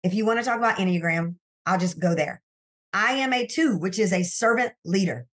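Woman, sales coach guest; candid, animated storyteller who speaks straight to the audience; recorded in her office. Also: medium pitch, brisk. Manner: animated, emphatic storyteller who addresses listeners directly. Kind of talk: candid faith-based interview storytelling.

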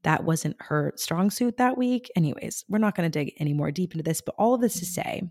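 A young woman tells personal stories on her podcast in a casual, gushing monologue. She acts out her own quoted thoughts with lively swings in her voice. Her pitch sits a little low for a woman. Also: brisk. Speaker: podcast host.

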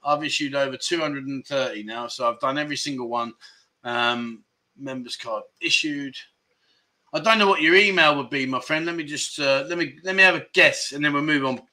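Hosting his casual Pattaya livestream chat show, a man in his 50s reads viewer comments and rambles, chatty and prone to fillers and self-corrections. His mid-range voice has a sharp tone and a moderate pace.

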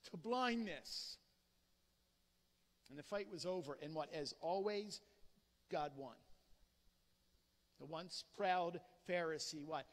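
Man preaching, slow deliberate pace, bright tone, rhetorical questions, long hall reverb. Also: sits high. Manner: dramatic preaching with rhetorical questions, swinging loud and soft. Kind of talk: sermon.

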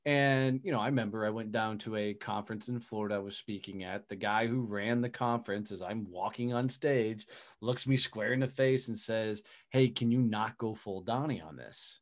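A man's voice: fairly low pitch, moderate pace. Blunt, swearing middle-aged man. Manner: blunt, swears freely, punchy delivery. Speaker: guest, speaker and business owner. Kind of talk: casual chat.

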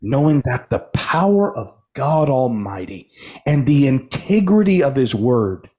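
A man's voice: medium pitch, sing-song, unhurried, mellow. A man speaking as a guest life coach on a podcast, emphatic and preacher-like, repeating phrases for effect. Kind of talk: inspirational podcast talk.

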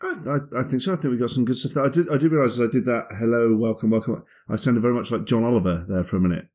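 A man's voice: medium pitch, racing, a little mellow. A man, co-hosting a podcast in casual chat, jokey and talkative with dry humour. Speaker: podcast co-host.

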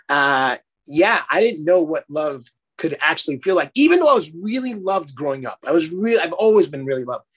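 Man, middle-aged, life coach, effusive, emphatic, casual swearing, somewhat high voice. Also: husky. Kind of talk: casual interview chat.

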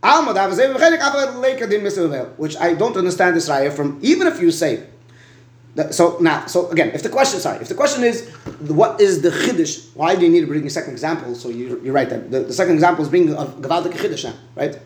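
A man's voice: fairly high pitch, lively intonation, fast, reverberant. A man teaching a Talmud lesson. He stops and starts, repeats words and often asks "right?".

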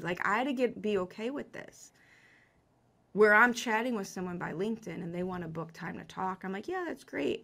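A middle-aged woman, a business coach, talking in a lively, self-deprecating way with frequent laughs in a conversational interview. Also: medium pitch.

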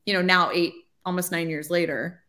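A woman's voice: fairly low pitch, steady tone, moderate pace, pushed and bright. A woman in her forties, a ministry leader, telling her story in an interview, chatty and full of "like", acting out her past thoughts. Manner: chatty, says "like" often, acts out her own past thoughts. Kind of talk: conversational testimony.

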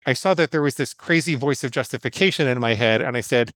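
A man's voice: mid-range voice, fast, few pauses, a bit bright, no room sound. Candid male psychologist telling his story. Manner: candid, self-deprecating storyteller who acts out inner voices. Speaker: psychologist guest. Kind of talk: storytelling interview answer.

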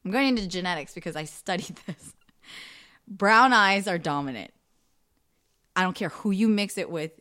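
A woman's voice: on the low side, expressive, bright, forceful tone. Opinionated young woman, emphatic chat. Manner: opinionated, emphatic, quick asides. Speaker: podcast co-host. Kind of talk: casual chat.

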